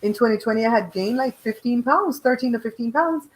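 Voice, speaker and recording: A chatty middle-aged woman talking straight to her live viewers. She tells stories in a lively way, acts out what people said, and swears freely along the way. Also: on the high side, a little fast, low-quality recording. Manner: chatty, animated storytelling with voiced quotes; frank, swears casually. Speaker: livestream host. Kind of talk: casual live chat.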